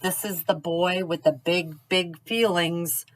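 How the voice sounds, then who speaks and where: A woman with a somewhat low voice, speaking to parents as an early childhood teacher. She talks gently and encouragingly, slowly and clearly, as if in a short instructional video. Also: steady tone, poor audio.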